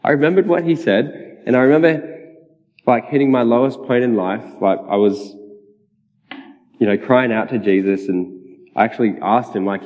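A man's voice: mid-range voice, moderate pace, long pauses. A man, giving a personal testimony sermon in a casual, chatty way with frequent laughs. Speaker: preacher. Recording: dull, reverberant hall sound.

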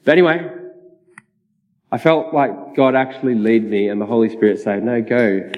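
A man's voice: mid-range voice, normal speed. A man, giving a personal testimony sermon in a casual, chatty way with frequent laughs. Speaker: preacher. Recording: dull, reverberant hall sound.

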